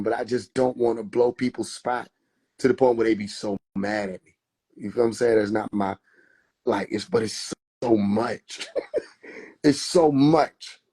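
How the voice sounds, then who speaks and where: A man talking casually on a phone livestream, animated and profane, laughing often and slipping into mock biblical voices. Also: mid-range voice, slightly rough. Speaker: livestream host.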